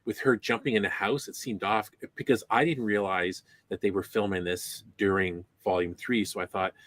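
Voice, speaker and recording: A man's voice: fairly low pitch, fairly even intonation, moderate pace, a bit bright. A man co-hosting a casual fan podcast, talking in an easygoing, conversational way. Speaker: podcast co-host.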